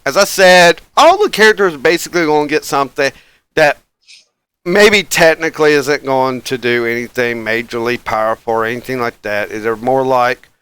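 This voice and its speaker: Bright, clear-voiced male game master. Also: mid-range voice, normal speed, no room sound. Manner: rambling, chuckles often, many fillers. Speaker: game master and stream host. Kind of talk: casual chat to a live stream audience.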